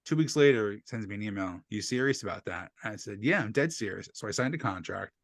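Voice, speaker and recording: Talking at a quick pace in a low register, this New Jersey stand-up tells casual podcast stories peppered with swearing and animated reenactments of quotes. The desk USB microphone yields a dry, clean studio sound.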